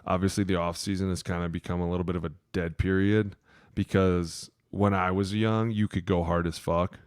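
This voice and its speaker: A man's voice: fairly quick, smooth, no echo, studio quality. A man co-hosting a casual football podcast, telling locker-room stories, acting out referees and swearing freely. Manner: animated storyteller, acts out referees with big pitch jumps, swears freely. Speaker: podcast co-host, former NFL lineman.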